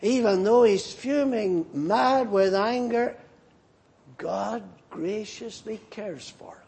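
A man's voice: sits high, takes it slowly, gravelly, a little mellow, husky. A man preaching a sermon and animatedly voicing the scripture figures as he retells the story.

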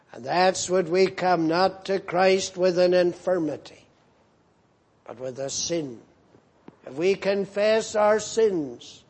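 A man's voice: sits high, darkish tone. A man preaching a sermon, posing questions and answering them, repeating key words for emphasis.

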